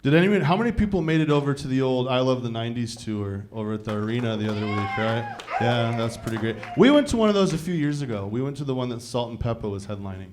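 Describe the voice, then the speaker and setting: On stage at a live venue, an Iowa comedian talks to the crowd in a profane, conversational way, frequently checking in with "you know what I mean?" as the audience laughs. He's a fast talker with a medium-pitched, darkish, expressive voice and few pauses. Faint music sits behind him.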